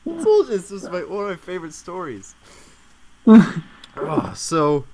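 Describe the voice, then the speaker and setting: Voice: mid-range voice, big pitch swings, a little fast, low-quality recording. A streamer telling a casual anecdote on stream, laughing often through the story.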